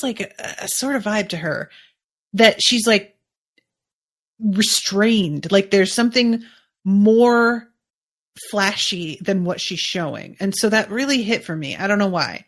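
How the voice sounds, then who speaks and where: A woman hosting a podcast, chatting casually through an episode recap, musing and thinking aloud with lots of fillers. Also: medium pitch. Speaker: podcast host.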